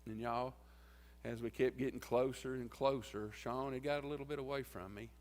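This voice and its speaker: Man, mid-pitched, folksy funeral eulogy, long church echo. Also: fairly even intonation, normal speed. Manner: folksy, tells stories and acts out quoted lines. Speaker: eulogist at his wife's funeral. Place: church sanctuary.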